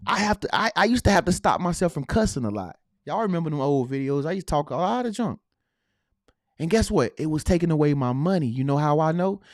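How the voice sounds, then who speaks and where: A man's voice: a little high, expressive, quick pace, no room sound. Guy preaching motivation on his vlog, slangy and repetitive, dry sound. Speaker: motivational vlogger.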